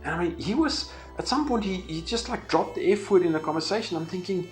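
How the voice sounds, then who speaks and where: A man's voice: on the high side, lively intonation, fairly quick, soft background music. A man giving an earnest, conversational devotional talk and telling a personal story. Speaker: faith-based speaker.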